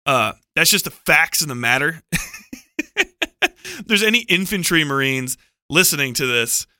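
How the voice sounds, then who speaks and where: A man's voice: fairly high pitch, animated, normal speed, sharp tone, dry recording, clean studio sound. A man on a book club podcast, telling a rambling, profane anecdote full of "like" and self-corrections. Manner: profane, digressive storytelling with frequent laughter; heavy use of "like" and self-corrections.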